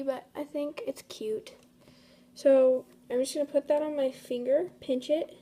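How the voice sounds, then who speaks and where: Chatty young woman with a high voice. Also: mellow. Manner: chatty, apologetic, talks to her materials. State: a bit out of breath. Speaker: craft tutorial host. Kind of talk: casual craft tutorial. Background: faint storm noise.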